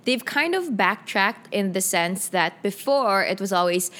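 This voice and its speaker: A woman's voice: medium pitch, animated, a little slow, few pauses, a bit bright. A woman in casual chat about movies, playful and questioning.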